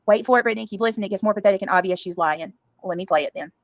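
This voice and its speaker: A woman's voice: mid-range voice, racing, dry recording. A woman on a livestream defending herself in an indignant, profane rant that keeps circling back to the same points.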